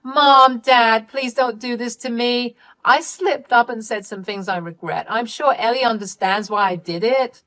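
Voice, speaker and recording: A woman voicing a selfish young woman who pleads and shouts in a shrill, frantic way in a read-aloud family drama story. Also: measured pace, few pauses, no room sound. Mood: pleading.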